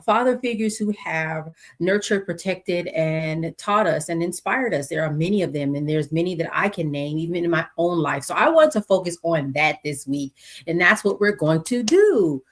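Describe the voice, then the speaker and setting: A woman's voice: fairly low pitch, expressive, moderate pace. A middle-aged American woman hosting her own podcast, talking casually with many fillers and asides. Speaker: podcast host. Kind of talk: casual solo podcast talk.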